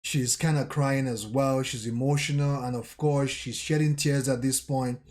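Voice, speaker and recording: A man vlogger recapping a manga chapter in a casual way, telling the scenes with pauses and correcting himself as he goes. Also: medium pitch, steady tone, a little mellow. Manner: recounts scenes haltingly, with pauses and self-corrections.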